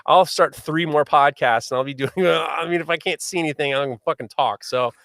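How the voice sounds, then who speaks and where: Animated, cursing storyteller man. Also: fairly high pitch, brisk, vocal fry, no room sound, clean studio sound. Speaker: podcast host. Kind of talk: storytelling on a live podcast.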